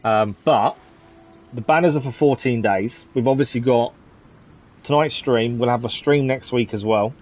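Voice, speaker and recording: A man's voice: medium pitch, moderate pace, a little mellow. A man commentating casually on a live game stream, chatty and chuckling often as he answers his chat.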